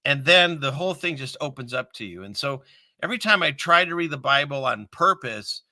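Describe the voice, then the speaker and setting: A man's voice: medium pitch, expressive, a little fast, bright, forceful tone, dry recording. A middle-aged man hosting a casual talk show, rambling and laughing often as he chats. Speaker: host.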